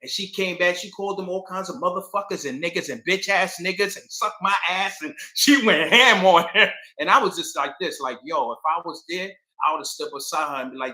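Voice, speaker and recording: A man's voice: on the high side, brisk, sharp tone, roomy sound, rough recording. A man talking casually and rambling straight to his viewers on a livestream. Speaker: livestream host.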